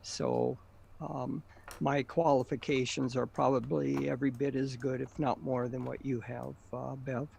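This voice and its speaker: Gravelly man. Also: mid-range voice, flat delivery, a little mellow, a little hiss or hum. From northern Minnesota. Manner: measured, with frequent "uh" pauses. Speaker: guest debater. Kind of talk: casual conversation on a call.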